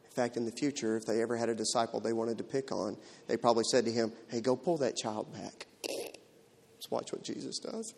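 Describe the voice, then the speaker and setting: A man preaching a sermon in a dramatic way, swinging from loud to hushed. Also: mid-range voice, level tone, brisk, vocal fry. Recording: long hall reverb.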